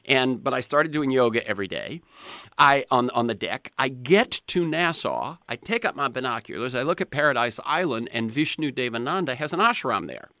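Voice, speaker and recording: A man's voice: medium pitch, animated, moderate pace, sharp tone, dry recording, clean studio sound. A man in his seventies hosting a podcast interview, telling stories in a rambling way with frequent restarts. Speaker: podcast host. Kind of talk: conversational interview.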